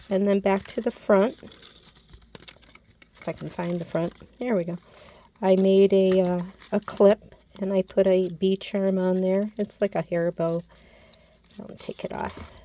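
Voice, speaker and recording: Relaxed, mellow-voiced woman crafter. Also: lowish voice, a little hiss or hum. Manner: chatty, loses words and corrects herself. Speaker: crafter showing a handmade mini album. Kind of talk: casual show-and-tell narration.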